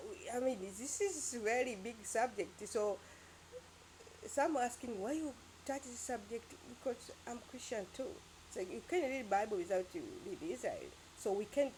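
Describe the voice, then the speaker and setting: A woman vlogger delivers a casual opinion monologue, rambling and emphatic and throwing in sound-effect words. Her voice is on the high side with a darkish tone, and there's slight background noise.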